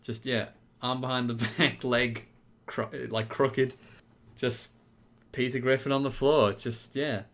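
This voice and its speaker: A man's voice: mid-range voice, flat delivery, takes it slowly, a bit bright. A man co-hosting a podcast, giving dry, wry remarks in a casual film review chat. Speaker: podcast co-host.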